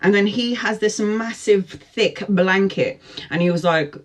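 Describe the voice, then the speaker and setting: A woman in her forties telling a story casually on a live stream, animated and laughing often as she greets viewers. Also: mid-range voice, measured pace. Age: 40s. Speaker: tarot reader hosting a live stream.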